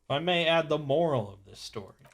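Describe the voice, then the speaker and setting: A man's voice: fairly high pitch, animated, fairly quick, fairly bright tone. Man reading game text aloud. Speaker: let's play narrator.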